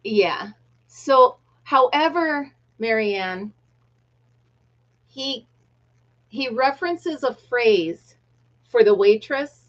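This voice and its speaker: A woman's voice: fairly high pitch, lively intonation, very slow, long pauses, a bit bright, highs cut off. A middle-aged woman casually chatting on her livestream, greeting viewers by name and laughing often. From United States. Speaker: livestream host. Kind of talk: casual chat.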